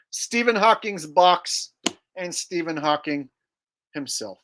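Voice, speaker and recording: A man's voice: on the high side, animated, a little slow, a bit bright. A man hosting a livestream in casual chat, crude and rambling as he jokes around. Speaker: livestream host.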